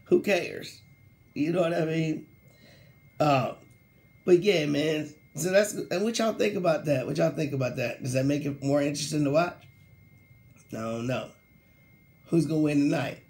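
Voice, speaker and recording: Animated, slangy sports talk man. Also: normal speed, pauses often. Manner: animated, slangy, laughs mid-sentence, mocks quoted players in lower voice. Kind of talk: casual solo sports rant.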